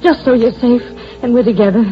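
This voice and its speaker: An actress playing a sharp-tongued female secretary torn between love and hatred for her boss, in 1940s radio acting on a dull lo-fi old radio recording with faint music behind. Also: fairly high pitch, fairly quick, natural voice. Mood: pleading.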